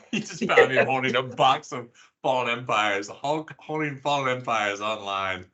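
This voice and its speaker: A man's voice: medium pitch, a little slow, sharp tone, dull audio. A man co-hosting a casual podcast, bantering and joking with his co-hosts. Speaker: podcast co-host. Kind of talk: casual chat.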